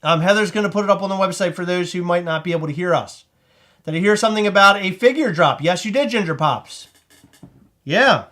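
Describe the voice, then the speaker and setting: A man with a Maryland accent hosting a casual livestream, excitable and rambling, laughing often. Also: sits high, brisk. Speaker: host.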